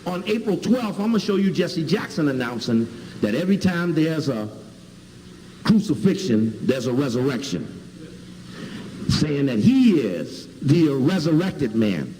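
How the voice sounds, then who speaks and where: Emphatic lively man in a hall. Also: a little high, measured pace, slight background noise. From Chicago. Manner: emphatic, spells out and repeats key words. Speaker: lecturer. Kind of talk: lecture with video clips. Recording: hall reverb, faint ambience.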